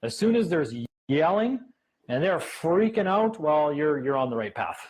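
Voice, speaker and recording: A man speaking at a meeting, telling stories in a fast, animated way and acting out what others said. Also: on the high side, slight background noise, low-quality recording. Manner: fast, animated, acts out quotes. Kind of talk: casual storytelling talk.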